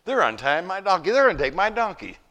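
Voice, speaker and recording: A man's voice: high voice, big pitch swings, fast talker, bright, forceful tone, voice pushed up, full character voice. A man voicing an indignant donkey owner protesting as strangers lead his animal away. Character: startled man whose donkey is being taken.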